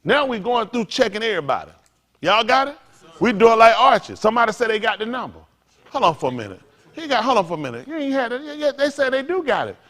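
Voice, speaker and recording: Pastor guy preaching casual, high voice that jumps all over. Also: fast talker. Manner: animated, slangy, laughs through a funny story. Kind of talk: informal sermon teaching with storytelling.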